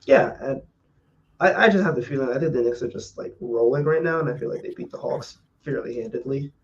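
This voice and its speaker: A man co-hosting a casual sports podcast, rambling and halting with many fillers as he gives his opinions. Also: mid-range voice. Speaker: podcast co-host. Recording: dull lo-fi mic with faint noise.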